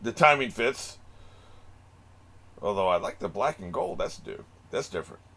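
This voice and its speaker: A man's voice: medium pitch, very animated, normal speed, vocal fry, pushed and bright. A man hosting an anime reaction video, cracking profane jokes and laughing often in casual commentary. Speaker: anime reaction channel host.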